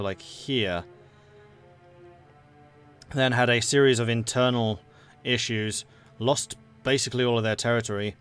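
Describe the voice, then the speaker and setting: A man casually commenting on a strategy game during a live stream, chatty and thinking aloud with frequent fillers. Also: mid-range voice.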